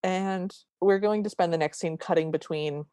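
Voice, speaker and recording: Lady podcast host, kinda low voice, dry close mic, retelling movie scenes and doing the lines. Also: normal speed, mellow, clear, resonant tone, dry recording. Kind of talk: casual movie recap chat.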